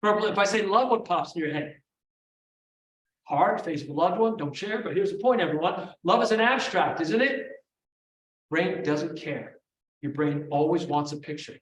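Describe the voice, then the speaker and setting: A man teaching a memory technique at a live seminar, energetic, quizzing the audience in call-and-response. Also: fairly high pitch. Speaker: memory trainer. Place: large room before a live audience. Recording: echoey room, voice from far off.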